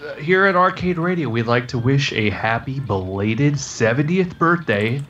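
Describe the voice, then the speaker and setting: A man's voice: medium pitch, animated, moderate pace, a bit bright, dull audio. A man co-hosting a casual podcast, delivering wry, laid-back remarks and segment intros. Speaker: podcast co-host. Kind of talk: casual chat.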